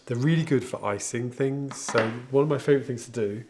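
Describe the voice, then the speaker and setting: A man with a mid-pitched voice talks through his baking tools in a home kitchen. He is chatty and jokey, and he demonstrates each item with easy enthusiasm. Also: fairly quick, background noise. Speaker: home baker showing equipment. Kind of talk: casual product demonstration.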